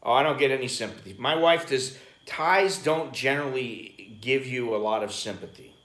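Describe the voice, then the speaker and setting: A man's voice: medium pitch, normal speed, a bit bright. American guy rambling on a live stream, curses a bit, roomy echo. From United States. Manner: rambling, chatty, swears casually. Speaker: vlogger hosting a live stream. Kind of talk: casual chat. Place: home in Bangkok.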